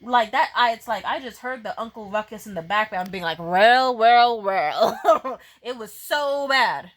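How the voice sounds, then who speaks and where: Young woman, profane exasperated rant, slightly high voice, frequent restarts, to camera. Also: moderate pace, a bit bright, rough recording. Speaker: vlogger. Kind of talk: profane ranting vent. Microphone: facing a camera.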